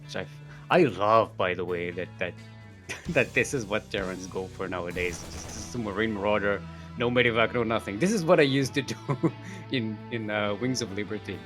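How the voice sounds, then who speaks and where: A man's voice: lowish voice, normal speed, fairly bright tone, faint music behind. A man casting a live strategy-game tournament, rambling and jokey, chuckling often, with many fillers. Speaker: esports caster.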